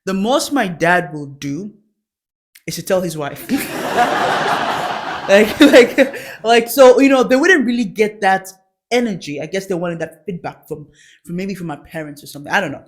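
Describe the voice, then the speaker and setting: A woman's voice: medium pitch, lively intonation, measured pace, long pauses, noisy background. Woman host, comic storytelling, chatty, laughs often, self-mocking.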